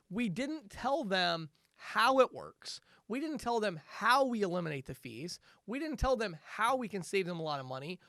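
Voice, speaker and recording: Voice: medium pitch, fairly bright tone, dry recording. Chatty sales trainer coaching, dry close sound. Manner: conversational coaching, repeats words for emphasis; chuckles now and then while explaining. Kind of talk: recorded sales training lecture.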